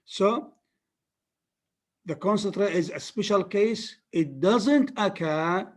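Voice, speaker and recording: A man with an Arabic accent and a high voice gives a phonetics lecture slowly, emphatically repeating key terms for his students. His teaching is repetitive, with many restarts.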